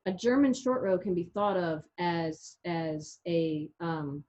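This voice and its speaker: A woman's voice: lowish voice, lively intonation, slow pace, hardly any pauses, dark tone. A woman, co-hosting a casual knitting chat from her yarn shop and explaining techniques step by step. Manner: chatty, explains step by step with restarts. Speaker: yarn shop owner and co-host. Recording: muffled lo-fi audio.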